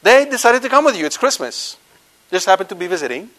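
A man preaching to a live congregation, animated, questioning the audience and swinging between loud emphasis and quiet asides. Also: high-pitched, fast talker. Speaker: Catholic preacher.

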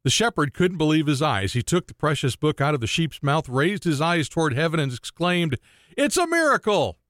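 A man's voice: fairly high pitch, brisk, fairly bright tone, dry recording, studio quality. A man hosting a Christian radio talk show, bantering and telling dad jokes. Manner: joking, playful banter. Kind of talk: casual chat with dad jokes.

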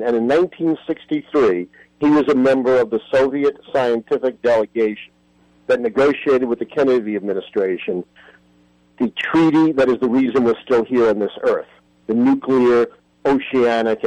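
An older man speaks as a professor being interviewed on the radio, telling his story with real animation. His voice sits mid-range, and the pitch leaps around freely as he stresses his points. The sound is close and dry, with no room around it. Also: darkish tone, no echo, rough recording. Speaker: history professor, interview guest.

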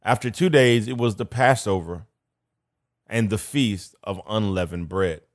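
A man's voice: fairly low pitch, unhurried, dry recording, clean studio sound. A man preaching a sermon in a conversational way, repeating key phrases for emphasis.

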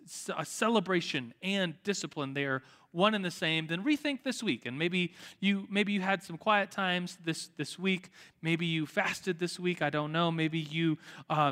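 A young man leads a casual church teaching in a high, bright voice. He talks in a loose, lively, conversational way, correcting himself often and using plenty of fillers. His voice rings on in a large hall. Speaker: church teacher leading a group study. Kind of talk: informal sermon with table discussion. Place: room with tables full of listeners.

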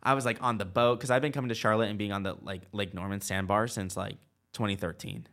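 Chatty young man with a low voice. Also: fast, a bit bright. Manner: chatty, lots of "like" and quoted dialogue. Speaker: guest. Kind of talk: casual storytelling chat.

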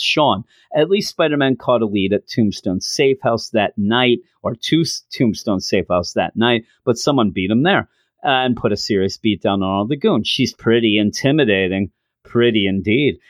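A man's voice: fairly low pitch, no room sound, clean studio sound. A middle-aged man casually reviewing a comic book, enthusiastic and rambling with frequent restarts.

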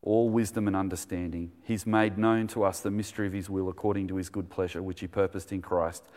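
A man's voice: sits low, fairly even intonation, brisk, a little mellow, long reverb tail. A man preaching a sermon in a conversational, enthusiastic way, telling stories as he goes.

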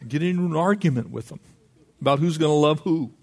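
A middle-aged man preaching a sermon, lively and conversational, acting out little dialogues. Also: a little high, fast, gravelly. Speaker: pastor.

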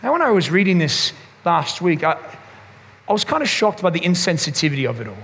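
A man's voice: high voice, very animated, a little fast, creaky, a bit bright. A man, a pastor preaching a sermon and telling a personal story candidly, often restarting his sentences. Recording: long hall reverb.

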